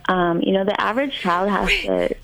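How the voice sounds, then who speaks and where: Woman therapist with a gravelly edge. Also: medium pitch, wildly swooping pitch, moderate pace, rough recording. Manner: warm, thoughtful, many "um"s and "you know"s. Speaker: child therapist guest. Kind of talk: casual podcast conversation.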